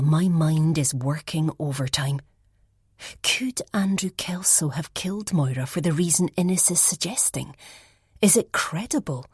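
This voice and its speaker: A woman narrating a first-person mystery audiobook in an even, measured storytelling manner. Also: sits low, breathy edge, no echo, studio quality.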